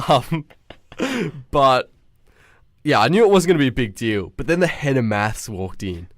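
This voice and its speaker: Young man, podcast co-host, chatty and animated, quotes people in put-on voices, dry close sound with no room echo. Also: mid-range voice, a little slow. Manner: animated storyteller acting out quotes. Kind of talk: casual chat.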